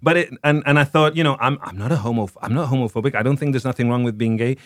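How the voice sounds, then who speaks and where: A man's voice: medium pitch, quick pace, no echo, studio quality. A man hosting a podcast, giving casual commentary on films in a chatty, emphatic way with many restarts. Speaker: podcast host.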